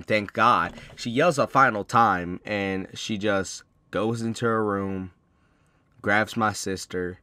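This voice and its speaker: A young man telling a rambling storytime vlog, swearing freely and getting loud and heated as he retells an argument. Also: on the low side, no echo. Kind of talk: casual storytime monologue.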